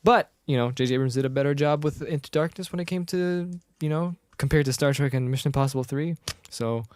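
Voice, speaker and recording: A man co-hosting a casual podcast, retelling a film scene by scene with quick voices for the characters. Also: on the high side, darkish tone, dry recording. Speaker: podcast co-host. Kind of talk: casual chat.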